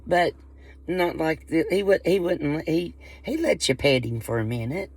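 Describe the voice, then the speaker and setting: Chatting casually to the camera, this woman vlogger from US Appalachian coal country has a Southern Appalachian accent and a low, husky, darkish voice. She speaks unhurriedly with lively intonation. She's folksy and rambling, frequently cutting herself off mid-sentence.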